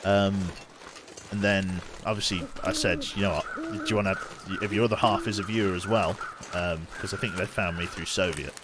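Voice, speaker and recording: A young man talks to his live chat while he plays, his voice sitting low and relaxed. He rambles and corrects himself as he goes, dropping a swear word here and there. A faint hum of background noise sits under his voice. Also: moderate pace. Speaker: game streamer. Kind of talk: casual live-stream chat while gaming.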